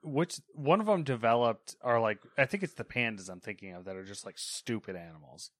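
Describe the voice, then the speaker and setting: A man of middling pitch hosts a video game podcast, with dry, self-deprecating remarks that tail off quietly. The sound is close and dead dry. He keeps an offhand, casual tone. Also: animated, a little fast, no echo. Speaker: podcast host.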